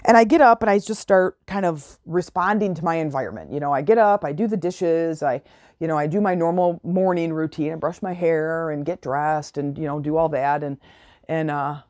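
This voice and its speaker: A woman's voice: sits low, moderate pace, a little mellow. A middle-aged woman hosting a motivational podcast, talking in a chatty, rambling way with lots of fillers. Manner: chatty, rambling, many "like" and "you know" fillers. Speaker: podcast host. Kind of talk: casual motivational monologue.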